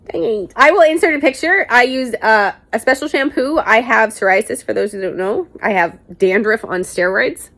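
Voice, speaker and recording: Chatty young woman, fairly high voice. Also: moderate pace, hardly any pauses, a bit bright. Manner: candid, chatty, self-mocking, swears casually. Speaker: vlogger. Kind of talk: casual Q&A chat to camera.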